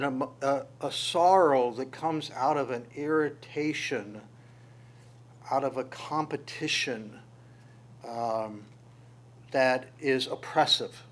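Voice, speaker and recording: Man preaching with frequent restarts. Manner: animated, jumps in pitch and loudness on key lines; stammers and restarts phrases often. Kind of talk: conversational sermon.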